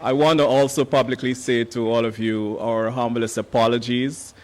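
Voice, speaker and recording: A man gives formal remarks at a ceremony, his voice hoarse. He speaks in a measured way with frequent "uh" fillers, and he stands a little back from the microphone in a conference hall. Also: medium pitch, little pitch movement, slight background noise. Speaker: education official giving remarks.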